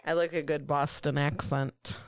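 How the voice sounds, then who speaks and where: A woman co-hosting a podcast in casual chat, telling rambling, animated stories. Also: deep voice, measured pace, smooth, no room sound. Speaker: podcast co-host.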